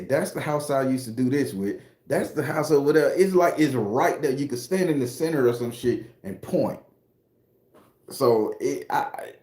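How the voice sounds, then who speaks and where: A man's voice: mid-range voice, darkish tone, reverberant. A man from Florida, hosting a casual livestream chat with loose, profane slang and jokes. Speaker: host and spooky storyteller.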